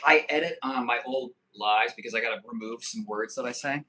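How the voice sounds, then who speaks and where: With a mid-range voice and background noise behind him, this livestream host, a man in his thirties, reads out viewer comments. His style is loose and profane, full of jokes and quick asides.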